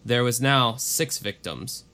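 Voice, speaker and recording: A man's voice: medium pitch, expressive, slow, sharp tone. A man co-hosting a casual true-crime podcast, reading case notes and breaking off into profane, offhand asides. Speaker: podcast co-host.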